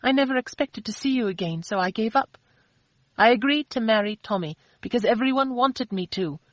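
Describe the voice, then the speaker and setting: A woman narrator voicing a spirited, quick-tempered young woman who answers back with sharp, indignant retorts. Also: on the high side, animated, no echo, pitched above the performer's own voice, close to an everyday voice, low-quality recording. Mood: defiant.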